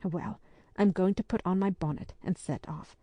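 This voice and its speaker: Brisk, commanding English spinster, read by a woman. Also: on the low side, mellow, dry recording, natural voice. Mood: firm. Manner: brisk, firm, teasing.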